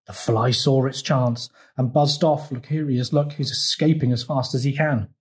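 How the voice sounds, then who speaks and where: A man's voice: medium pitch, fairly even intonation, moderate pace. Man reading a picture book to children. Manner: gentle, pointing things out to children. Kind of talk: children's storytime read-aloud.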